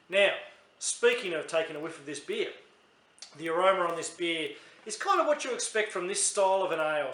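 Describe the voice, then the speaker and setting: A man's voice: on the high side, fairly bright tone, echoey room. An Australian man reviewing a beer in a casual, chatty, rambling way, often correcting himself mid-sentence.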